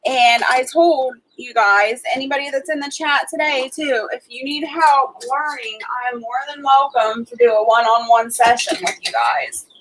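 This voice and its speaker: A woman's voice: sits high, normal speed, few pauses, a bit bright, poor audio. A woman hosting a live stream, laughing often and offering viewers friendly help. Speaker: homestead channel host. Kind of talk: casual chat on a live stream.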